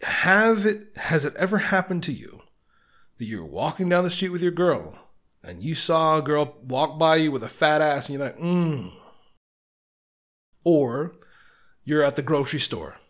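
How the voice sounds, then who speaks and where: A man's voice: on the high side, a bit bright. A man hosting a casual solo podcast book review, talking in a blunt, profane, argumentative way and firing rhetorical questions at the listener. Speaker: podcast host.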